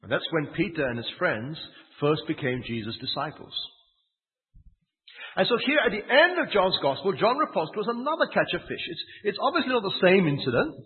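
Brief: male preacher, animated storyteller, raised pitch, phone-thin sound with a long hall echo. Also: fairly quick, phone-quality sound. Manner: storytelling, with asides and rhetorical questions. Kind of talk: sermon.

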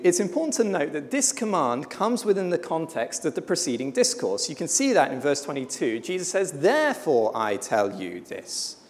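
Preacher giving a blunt, emphatic sermon with a lively, swinging delivery, heard in a reverberant hall. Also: mid-range voice. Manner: emphatic and blunt, with slow weighty pauses.

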